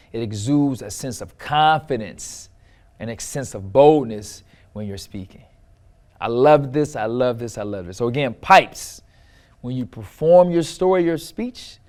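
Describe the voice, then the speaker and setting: A middle-aged man teaching how to write and perform a personal story, with expressive shifts in loudness and pitch and repetition for emphasis. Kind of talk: instructional talk to camera.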